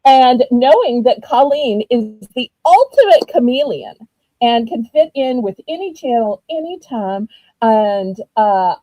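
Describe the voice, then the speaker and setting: A woman with a Southern US accent, chatting casually while running a live-stream auction, animated and full of ums. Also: sits high, no echo, poor audio.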